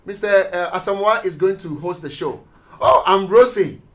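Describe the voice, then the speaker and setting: A man's voice: high-pitched, moderate pace. A man, a teacher and guest, talking on a radio show and telling school stories with quoted voices. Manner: animated storyteller, acts out quotes. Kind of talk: radio discussion. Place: radio studio.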